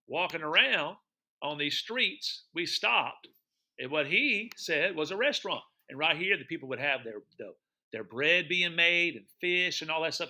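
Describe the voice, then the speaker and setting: Chatty bright-voiced male teacher. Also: on the high side. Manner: chatty, enthusiastic, repeats words and quizzes listeners. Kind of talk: narrating a travel photo slideshow for students.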